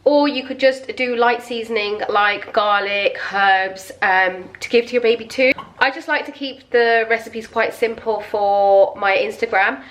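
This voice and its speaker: A woman's voice: a little high, fairly even intonation, measured pace, few pauses, a bit bright. A young woman chatting casually to camera as a mum vlogger at home. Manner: chatty, sing-song baby talk with her toddler. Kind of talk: casual vlog chat.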